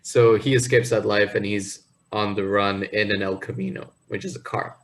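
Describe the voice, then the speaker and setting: Man, slightly low voice, casual podcast co-host, animated rambling chat. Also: moderate pace, slight background noise, rough recording.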